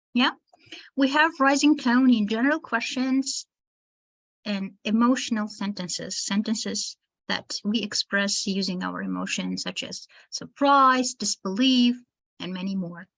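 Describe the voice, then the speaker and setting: A woman's voice: fairly high pitch, fairly bright tone, highs cut off. A woman teacher trainer giving an online webinar lecture, explaining step by step and addressing her listeners as dear teachers. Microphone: video call.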